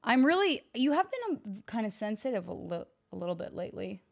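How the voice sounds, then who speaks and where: Teasing woman podcast host, deadpan. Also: a little high, brisk, vocal fry. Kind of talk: casual comedic chat. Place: studio.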